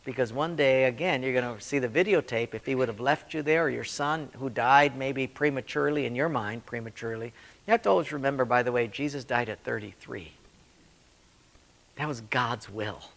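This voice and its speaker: A male pastor teaching a church leadership class, telling stories and acting out quoted voices with sudden rises in pitch and loudness. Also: fairly quick, creaky. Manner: storytelling, acts out quotes with big swings in pitch and volume. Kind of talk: sermon-style Q&A teaching.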